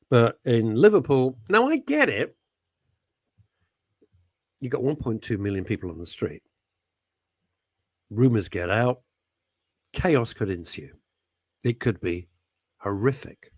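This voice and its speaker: A man's voice: mid-range voice, no room sound. Guy hosting a radio show, bouncy up and down voice, chatty and rambly, dry close studio mic. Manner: rambling and animated, wry asides. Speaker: radio talk show host. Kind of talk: casual radio chat. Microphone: studio microphone.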